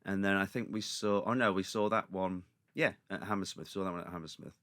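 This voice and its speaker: A comedian telling rambling anecdotes in casual chat, acting out quotes in lively voices. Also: male voice, low voice, a little fast, no room sound, studio quality. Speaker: comedian guest.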